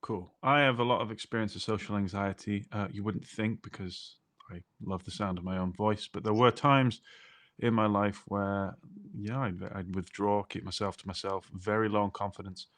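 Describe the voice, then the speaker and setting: Male co-host, lowish voice, talkative explainer. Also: fairly even intonation, normal speed, fairly bright tone. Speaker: podcast co-host. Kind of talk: explanatory podcast chat.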